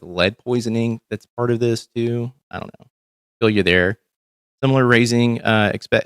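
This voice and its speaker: A man's voice: medium pitch, clear, resonant tone, no room sound, studio quality. A man hosting a casual livestream, talking candidly and rambling with frequent ums and swearing. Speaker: livestream host.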